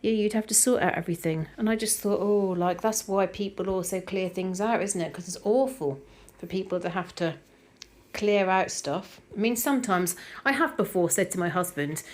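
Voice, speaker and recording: A woman's voice: medium pitch, normal speed. Chatty Norfolk woman reading comments. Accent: Norfolk English. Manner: chatty and rambling, with frequent "like" and "um". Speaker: decluttering vlogger reading viewer comments. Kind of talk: casual chat, reading comments aloud.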